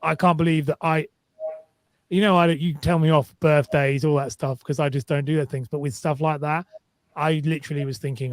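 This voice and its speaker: Fast-talking man, dry close sound. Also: on the high side, fairly even intonation, dry recording. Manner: quick, halting, sympathetic. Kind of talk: casual conversation.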